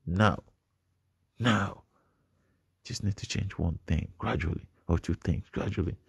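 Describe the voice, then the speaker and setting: A man's voice: low-pitched, unhurried, creaky, long pauses, slightly rough. A man giving a motivational speech, emphatic and repeating his phrases for effect. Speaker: motivational speaker.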